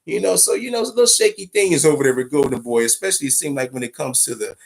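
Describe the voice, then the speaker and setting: A man hosting a boxing talk show, telling stories in casual, profane, animated commentary. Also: on the high side, fast, vocal fry. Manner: profane, storytelling, animated retelling.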